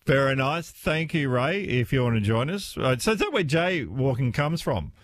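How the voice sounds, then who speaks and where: A man's voice: medium pitch, animated, normal speed, no echo, studio quality. A man hosting a talkback radio show, chatting and inviting listeners to call in.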